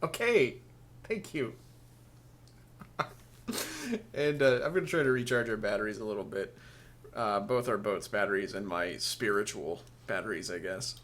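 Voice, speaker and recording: A man's voice: lowish voice, normal speed, fairly bright tone. A man giving casual let's play commentary, sarcastic and grumbling, cursing and laughing at the game.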